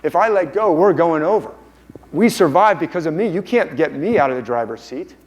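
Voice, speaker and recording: Controlling male inner voice put on by a speaker, urgent, pitched up, pressing. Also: animated, fairly quick, natural voice. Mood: insistent. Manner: urgent, insistent. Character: controlling male inner mind, anxious and insistent.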